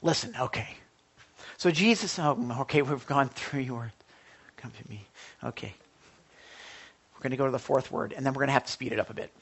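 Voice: medium pitch, fast talker, husky. A pastor preaching a sermon in a church, often asking the congregation questions and answering them. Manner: animated, asks the congregation questions.

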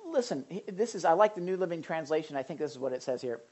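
Woman preacher, low husky voice, lively pitch, chatty sermon full of questions to the room. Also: quick pace. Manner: asks the audience questions, frequent restarts. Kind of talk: conversational sermon.

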